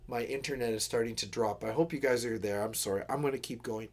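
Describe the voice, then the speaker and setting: This is a man hosting a live stream, speaking fast at a medium pitch. He tells a story casually and earnestly, wandering into digressions and apologetic asides.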